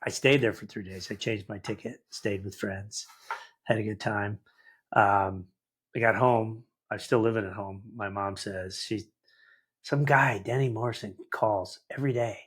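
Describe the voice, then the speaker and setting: A man in his sixties, a guest entrepreneur, tells life stories in a lively conversational way and acts out the dialogue. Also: fairly low pitch, measured pace, breathy edge. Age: 60s. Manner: animated anecdotal, acts out quoted dialogue. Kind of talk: conversational storytelling.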